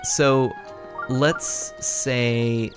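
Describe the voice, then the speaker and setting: A man's voice: mid-range voice, fairly even intonation, drawn-out words, music in the background. A young man streaming a game live, casual and chatty, reading chat and laughing often.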